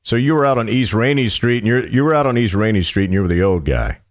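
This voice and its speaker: A man with a very low voice teases his co-hosts on a podcast. His delivery is laid-back, yet his pitch moves in lively swings. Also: fast talker, no echo, clean studio sound. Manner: teasing, laid-back sidekick. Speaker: podcast co-host. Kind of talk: casual chat.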